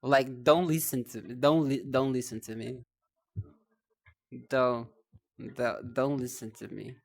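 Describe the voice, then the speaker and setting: A woman's voice: very deep voice, fairly even intonation, unhurried. A young woman streaming live, chatting casually in a rambling, self-deprecating way, often stumbling over and repeating her words.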